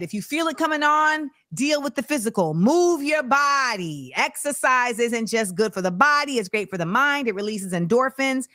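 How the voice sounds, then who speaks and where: A woman hosting a talk show in casual chat, animated, laughing and slipping into slang. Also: fairly high pitch, no room sound, studio quality. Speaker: host.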